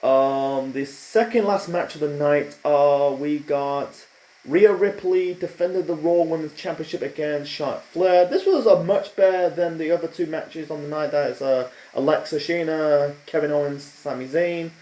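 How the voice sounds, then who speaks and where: A man's voice: fairly high pitch, normal speed, mellow. A man giving a casual spoken review, rambling and opinionated with lots of fillers and restarts. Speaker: wrestling show reviewer. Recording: echoey room.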